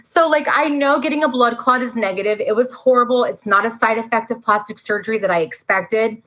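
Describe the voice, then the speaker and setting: A woman in her forties recounts her own story as a podcast guest, rushing along with earnest feeling and lots of "like". Her voice is bright and forceful. The recording sounds dull and lo-fi. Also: fairly high pitch. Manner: fast, earnest, says "like" a lot. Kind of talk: emotional storytelling.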